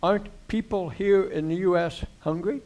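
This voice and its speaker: Higher-voiced man moderating a panel. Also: moderate pace, darkish tone. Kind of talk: panel discussion questions.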